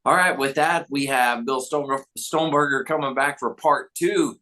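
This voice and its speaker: A man's voice: medium pitch, normal speed, bright, forceful tone. A man hosting a podcast, interviewing his guest in an easygoing way. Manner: easygoing, laughs along. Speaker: podcast host. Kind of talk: casual interview.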